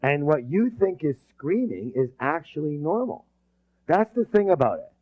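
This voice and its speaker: An energetic male trainer lectures a seminar room and keeps pulling the audience into call-and-response. His voice sits fairly high, and he rambles through restarts. The recording is dull and lo-fi. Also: normal speed. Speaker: leadership trainer.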